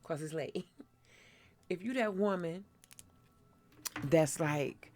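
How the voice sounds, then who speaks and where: A woman's voice: fairly low pitch, huge pitch swings, takes it slowly, long pauses, darkish tone. A middle-aged woman hosting her own channel, telling a frank, blunt story in casual chat while doing her skincare. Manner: frank, blunt, laughs often. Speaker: vlogger host.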